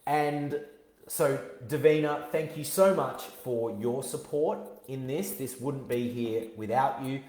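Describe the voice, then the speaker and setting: A man in his thirties hosting his own book launch on a live stream, talking in an energetic, heartfelt way with many fillers and restarts. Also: medium pitch, slow pace. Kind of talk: live-streamed casual talk. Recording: roomy echo.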